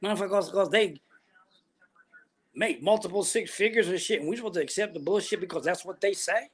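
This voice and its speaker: A man's voice: sits high, fairly quick, husky. A man ranting bluntly and profanely about politics, full of heavy slang. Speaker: vlogger giving opinions.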